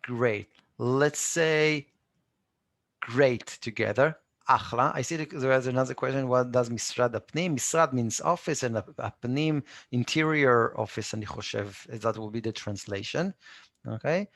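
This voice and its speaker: A man's voice: medium pitch, quick pace, fairly bright tone, no room sound, studio quality. A man with an Israeli accent, a native Hebrew speaker, teaching a live online Hebrew lesson and patiently repeating words for learners.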